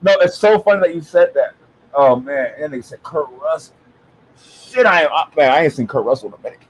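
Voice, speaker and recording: A man hosting a podcast in casual chat, animated and rambling, laughing often as he tells stories. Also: a little high, a little fast, breathy edge, rough recording. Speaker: podcast host.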